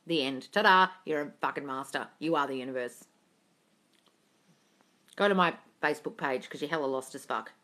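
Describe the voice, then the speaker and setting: A woman's voice: sits low, normal speed, long pauses, fairly bright tone. A woman answering viewer questions on a casual phone livestream from home. She reads comments aloud, swears freely and calls everyone darling. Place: at home with her cat.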